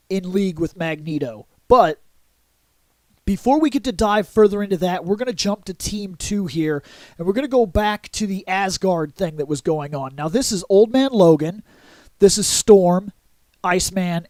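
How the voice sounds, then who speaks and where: A man vlogging a casual comic book review in an excitable way, adding sound effects and acting out lines. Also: high voice, no room sound. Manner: excitable, adds sound effects and acts out quotes.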